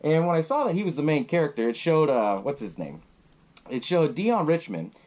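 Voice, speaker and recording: A man's voice: fairly high pitch, big pitch swings, moderate pace, darkish tone. A man hosting a podcast, casually retelling a horror film and swearing freely while he laughs along. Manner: loose, profane, laughing often. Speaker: podcast host.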